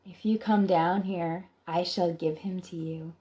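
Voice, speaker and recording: A woman voicing a creepy witch who slowly coaxes a boy, in a storybook reading. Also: lowish voice, steady tone, warm tone, lightly acted. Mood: coaxing.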